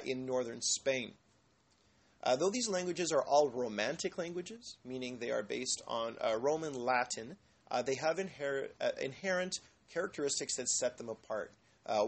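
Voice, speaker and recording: Male lecturer, informal history talk, frequent ums and uhs, explains patiently and answers his own questions. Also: mid-range voice. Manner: hesitant, many filler words.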